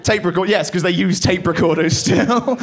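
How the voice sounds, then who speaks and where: A young man doing a stand-up comedy set on a club stage, wry and self-deprecating with quick asides. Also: high-pitched.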